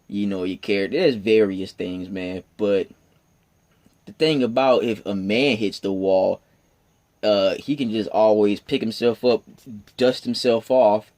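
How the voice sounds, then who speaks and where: A man in his twenties giving a solo morning rant, rambling and stammering, with crude language, jumping from loud, emphatic bursts to low mutters. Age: 20s. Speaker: podcast host.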